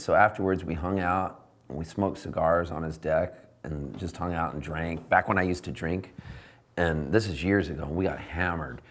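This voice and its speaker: A man, a singer-songwriter, telling a rambling, animated backstage story in a casual interview. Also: low-pitched, moderate pace, slight background noise. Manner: rambling, animated anecdote with laughs. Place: backstage at a tavern venue.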